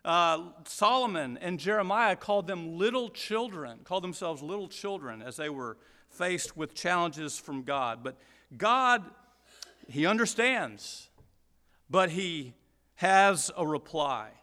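Male Bible teacher from Georgia, slightly high, bright tone, unhurried delivery, long hall reverb. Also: lively intonation. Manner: explanatory, deliberate, emphatic repetition.

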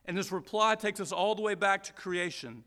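Male Bible teacher from Georgia, slightly high, bright tone, unhurried delivery, long hall reverb. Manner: explanatory, deliberate, emphatic repetition.

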